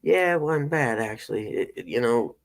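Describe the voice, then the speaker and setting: Gravelly-voiced folksy man hosting a chat. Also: mid-range voice, expressive, moderate pace. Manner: folksy, rambling storyteller. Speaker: host. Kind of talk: casual morning show chat.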